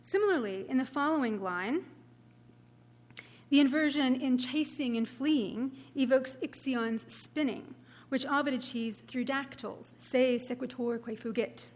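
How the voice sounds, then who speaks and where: Woman giving a measured academic lecture. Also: high-pitched. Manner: measured, scans meter aloud. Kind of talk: academic lecture, partly read aloud.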